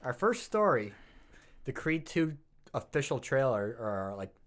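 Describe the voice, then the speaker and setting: A man's voice: medium pitch, sing-song, measured pace. Rambling man leading a casual chat. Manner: rambling, lots of fillers and like. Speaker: podcast co-host.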